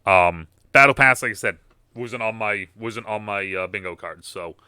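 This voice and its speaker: A man's voice: fairly low pitch, normal speed, noisy background. A young man in casual reaction commentary as a gaming video host, rambling with fillers and restarts. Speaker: gaming YouTuber reacting to a game panel.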